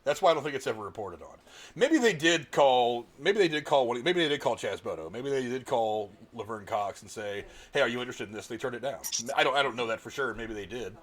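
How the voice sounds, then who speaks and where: A man's voice: medium pitch, animated, a little fast. A middle-aged man hosting a podcast, arguing his opinions bluntly in casual, profane talk. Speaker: podcast host.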